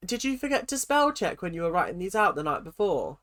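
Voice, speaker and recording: A woman hosting a comic reaction video in a low voice that swoops up and down a lot. She is sarcastic and giggly and plays up mock outrage. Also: big pitch swings, a little fast, few pauses, fairly bright tone.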